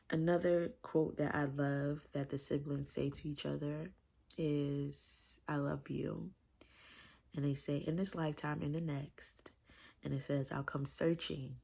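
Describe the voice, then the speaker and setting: A woman's voice: low-pitched, fairly even intonation, unhurried, creaky, darkish tone. A woman giving a chatty, emotional book review, repeating herself as she gushes about the story. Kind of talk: casual book review vlog.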